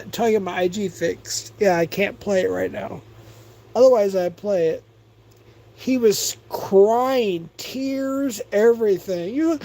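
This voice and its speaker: Male livestream host: unhurried, rambling, profane, reads chat off the screen. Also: sits high, darkish tone, poor audio. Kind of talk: casual livestream chat, reading chat aloud.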